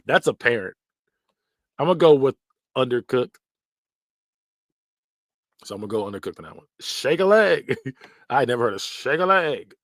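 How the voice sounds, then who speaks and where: Lively, laughing podcast host guy. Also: mid-range voice, moderate pace, pauses often, no echo, clean studio sound. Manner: laughs often, slips into exaggerated voices for quoted phrases. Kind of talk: casual reaction commentary.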